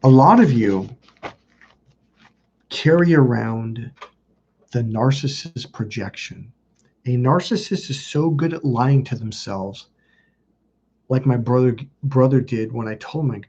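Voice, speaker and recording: A man's voice: mid-range voice, a little mellow, breathy edge, muffled recording. A man hosting a self-help video, telling personal stories in a blunt, profane, casual way. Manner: blunt and profane, quick asides. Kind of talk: casual confessional storytelling.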